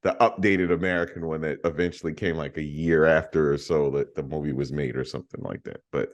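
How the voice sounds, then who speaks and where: A man's voice: a bass voice, steady tone, brisk. Eager, enthusiastic man chatting casually. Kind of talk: casual film review chat.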